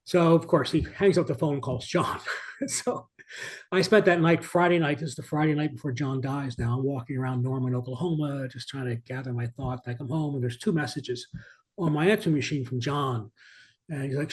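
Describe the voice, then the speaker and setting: Man, interview guest, author, reflective storytelling, earnest, frequent restarts, mid pitch. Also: fairly quick. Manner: earnest, many restarts, varied emphasis.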